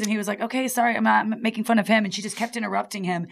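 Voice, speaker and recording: Female comic guest, brisk delivery, animated and chatty. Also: mid-range voice, gravelly. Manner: animated storyteller, acts out quotes. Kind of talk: casual chat. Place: radio studio.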